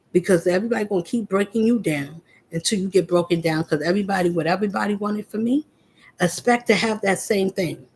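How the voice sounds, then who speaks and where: A woman's voice: medium pitch, a little mellow, husky. A woman vlogger giving a confrontational spiritual monologue, speaking straight at her listeners. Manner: confrontational, preachy, addresses listeners directly.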